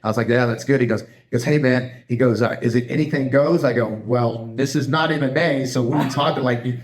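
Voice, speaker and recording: A middle-aged man with a middle-pitched voice co-hosts a casual podcast, telling martial arts stories with animated delivery. He acts out every quote and leans on "man" and "dude". The room gives his voice a noticeable echo. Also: quick pace. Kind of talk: casual chat.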